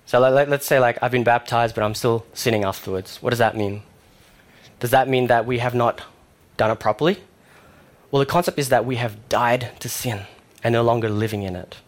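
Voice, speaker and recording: A young man preaching a sermon in a conversational way, with fillers and animated stories. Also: medium pitch, fairly quick.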